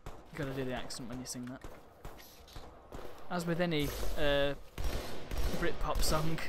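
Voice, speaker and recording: A man's voice: fairly high pitch, steady tone, normal speed, long pauses. Man, yorkshire accent, casual gameplay commentary, sarcastic rambling asides, game ambience and noise behind. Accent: Yorkshire English. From Yorkshire, England. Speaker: game streamer. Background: game ambience and gunfire.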